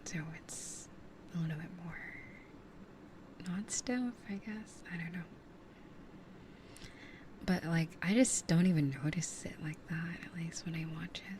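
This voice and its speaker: Soft-whispering young woman streamer. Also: on the low side, measured pace, long pauses, background noise. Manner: soft whispering, rambling with many fillers. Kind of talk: whispered casual chat. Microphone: close binaural ASMR mic.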